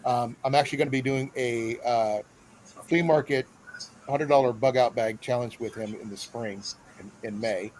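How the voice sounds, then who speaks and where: Man host, rambling and friendly, mid-pitched, faint background hiss. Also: steady tone, moderate pace, a little mellow, rough recording. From Iowa. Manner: rambling, friendly, full of fillers. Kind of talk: casual live-stream chat.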